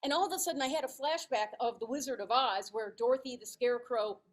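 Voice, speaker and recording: Woman in her fifties; animated speech-giver with a slightly high voice, dramatizes her story. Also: poor audio. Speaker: club speaker.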